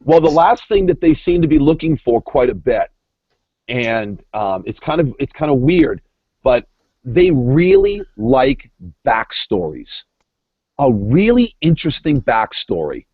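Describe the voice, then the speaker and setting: Middle-aged guy calling in to a podcast, emphatic, repeats himself, phone sound, pitch in the middle. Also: very animated, measured pace, slightly rough, dry recording. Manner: emphatic, repeats words while building points. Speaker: guest, former reality show contestant. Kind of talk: casual podcast chat. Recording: tinny dry phone line.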